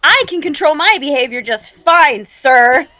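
High, indignant young woman at a tabletop game. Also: lively intonation, a little slow, bright, forceful tone, no echo. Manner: indignant, clipped. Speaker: player.

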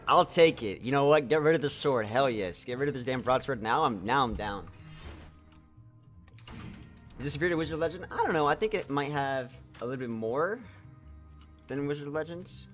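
Excitable young man commenting on his gameplay. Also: a little high, a little fast, faint music behind. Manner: excitable, swears, talks to viewers. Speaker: game streamer.

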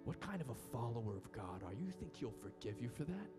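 A man speaking as an accusing devil figure in a low hushed voice during a sermon, sneering and cruel. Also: big pitch swings, fast talker, over music, natural voice.

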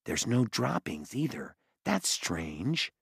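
A man's voice: on the low side, big pitch swings, slow pace, creaky, husky, no room sound, studio quality, pitched above the performer's own voice, full character voice. A man voicing an eager, chatty young boy in an audiobook. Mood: curious. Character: cheerful curious young boy, animal lover.

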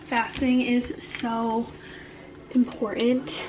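A young woman chatting casually in a home vlog, rambling in a relaxed way. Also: on the high side, takes it slowly, noisy background. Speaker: vlogger.

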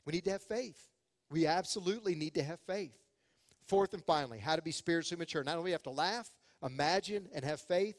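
Middle-aged male pastor, high voice, animated sermon delivery, dry close tone inside a reverberant hall. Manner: animated, acts out quoted voices. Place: church sanctuary.

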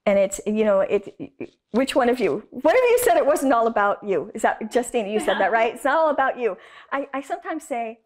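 Animated and fairly quick, a woman with a fairly high voice tells interview stories as a guest artist. She's enthusiastic and emphatic, leaning on repeated phrases.

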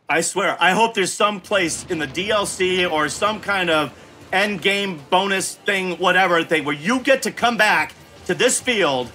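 A man's voice: high-pitched, sharp tone. A man in his fifties giving profane, exasperated gameplay commentary and scolding the game aloud. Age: 50s. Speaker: gaming channel host.

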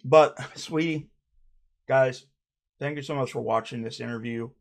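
A man hosting a comedic mock interview, talking low and deadpan with hesitant restarts. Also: a little slow, creaky. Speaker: parody interviewer.

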